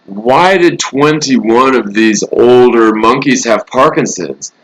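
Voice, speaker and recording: A man's voice: mid-range voice, slow, fairly bright tone, slight background noise, poor audio. A man hosting a casual live stream from a hotel room, rambling through the news with sarcastic asides. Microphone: laptop mic.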